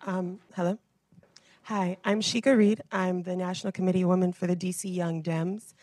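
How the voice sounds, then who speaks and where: A woman's voice: on the low side, little pitch movement, moderate pace, darkish tone, no room sound. Polite woman asking from the audience. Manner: polite, formal introduction. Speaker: audience member asking a question. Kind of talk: audience question.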